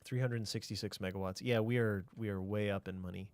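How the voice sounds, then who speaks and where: A man's voice: on the low side, steady tone, a little fast, a little mellow, clean tone, dry recording. A man streaming a city-building game, thinking aloud in a casual way, answering chat and trailing off into mutters.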